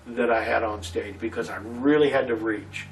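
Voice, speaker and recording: Animated man telling theater stories. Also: medium pitch, moderate pace, recorded from a distance, a little hiss or hum, rough recording. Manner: animated storytelling, many restarts. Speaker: community theater actor, interview guest. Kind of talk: casual interview.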